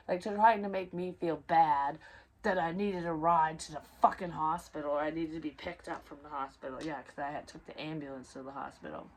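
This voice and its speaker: A woman's voice: deep voice, fairly even intonation, fairly quick, a little hiss or hum, poor audio. A woman telling a personal story in a rambling, emotional and profane way, full of fillers. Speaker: vlogger. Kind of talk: casual storytelling.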